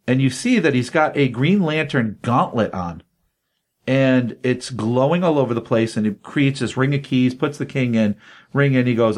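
Animated man retelling a comic. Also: medium pitch, moderate pace. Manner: animated retelling, acts out quotes. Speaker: comic book podcast co-host. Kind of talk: casual comic review chat.

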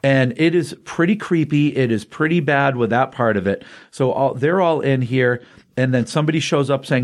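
A man's voice: mid-range voice, normal speed. A man co-hosting a casual comic book chat, retelling a story in rambling, restarting sentences. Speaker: comic book podcast co-host.

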